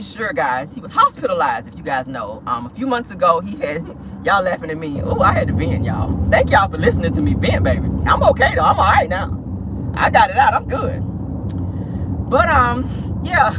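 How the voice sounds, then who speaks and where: Animated, sassy woman venting in a car. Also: mid-range voice, background noise. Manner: animated, sassy, dramatic, talks straight to viewers. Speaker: vlog host. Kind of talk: casual live-stream chat. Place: parked car.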